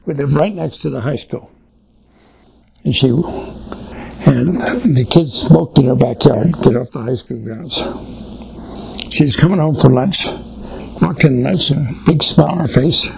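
A man's voice: medium pitch, measured pace, vocal fry, long pauses, a little mellow, slight background noise, low-quality recording. An older man giving an informal, folksy sermon on family life, telling anecdotes. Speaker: Christian speaker on family life.

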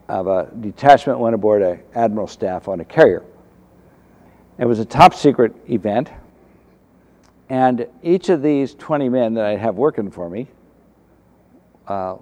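An older man, a former navy officer, telling faith stories from his service in a halting way, full of restarts and fillers. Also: on the low side, warm tone. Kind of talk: casual storytelling testimony.

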